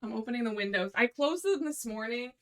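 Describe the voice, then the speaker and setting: A woman's voice: a little high, expressive, fairly quick. A young woman streaming from home, chatting casually and rambling with lots of "like"s. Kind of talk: casual live-stream chat. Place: home room.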